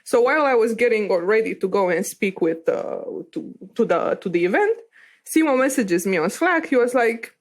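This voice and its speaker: A woman's voice: on the high side, animated, normal speed. A woman from Eastern Europe, a podcast guest, chatting candidly with a loose, casual manner and the odd swear word.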